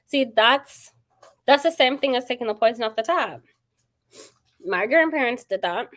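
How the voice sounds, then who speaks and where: A woman's voice: on the high side, lively intonation, moderate pace, a bit bright. A woman hosting a casual book livestream, chatting to viewers, greeting them by name and laughing often. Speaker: book channel host.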